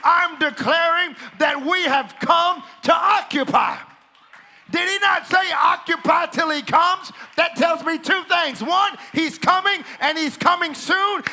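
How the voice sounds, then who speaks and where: A man preaching a sermon, shouting declarations, then dropping to quiet teaching. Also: very high voice. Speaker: pastor.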